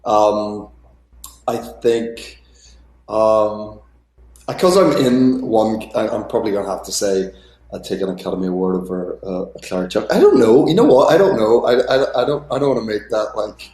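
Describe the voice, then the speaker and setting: Guy in his 30s chatting loose on a remote call, lowish voice, roomy echo. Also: normal speed. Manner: relaxed, rambling with many fillers. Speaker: actor guest. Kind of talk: casual remote interview.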